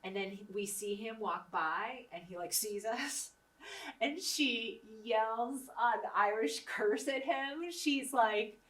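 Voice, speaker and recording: A woman's voice: a little high, takes it slowly. Woman telling a story, laughs a lot, sounds a bit far from the mic, roomy echo. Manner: lively, laughs often while telling stories. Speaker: host interviewing herself. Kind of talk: casual anecdotal storytelling. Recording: echoey room, voice a bit off-mic.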